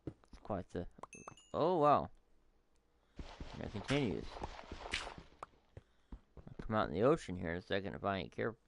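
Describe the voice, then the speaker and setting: A man's voice: sits low, big pitch swings, normal speed, vocal fry, pauses often, slight background noise. A man giving casual, rambling let's-play commentary as a gaming YouTuber, amused by his own asides.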